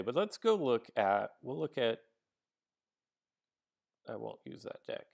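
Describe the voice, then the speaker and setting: During a live stream, a male gamer offers relaxed commentary on his play in a medium-pitched voice. He talks through his thinking, breaks off and restarts often with ums and likes, and answers viewers between turns.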